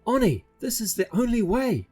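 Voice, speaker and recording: A man's voice: very high-pitched, sing-song, normal speed, a little mellow, slightly rough, faint music behind, pitched above the performer's own voice, heavily acted. A man voicing a young boy thief who argues heatedly with his companion.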